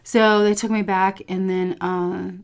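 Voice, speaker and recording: A woman's voice: medium pitch, little pitch movement, unhurried, clean tone. A young woman vlogger telling a personal story to her viewers in a casual, chatty way, swearing now and then and laughing. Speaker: food vlogger.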